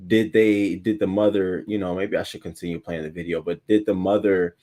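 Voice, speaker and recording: A man's voice: deep voice, fairly even intonation, a little fast, warm tone. A man hosting a casual live-stream news show, talking bluntly with plenty of profanity and reading viewer comments aloud.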